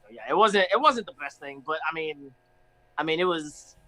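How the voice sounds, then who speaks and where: Bright, lively man rambling with fillers. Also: fairly high pitch, moderate pace, poor audio. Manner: rambling, filler-heavy, laughs easily. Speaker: convention panelist. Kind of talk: casual panel chat.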